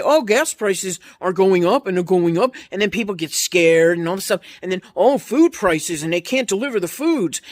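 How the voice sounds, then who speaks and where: A woman's voice: medium pitch, fairly bright tone. A woman in her fifties ranting bluntly and profanely to her viewers, mocking other people's replies in quoted voices. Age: 50s. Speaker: vlogger. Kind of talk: ranting monologue to camera.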